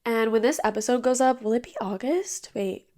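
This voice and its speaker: This twenty-something podcast host talks about her weekend in a bubbly, casual way from her bedroom, blinds drawn. She has a fairly high pitch, a normal pace, and a darkish tone, coming across as tired and slightly nasal.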